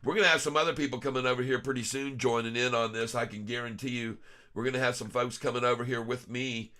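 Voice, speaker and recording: A man giving live stock market commentary, excitable and laughing often, breaking into rhyming hype riffs. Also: medium pitch, fast. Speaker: stock trading vlogger.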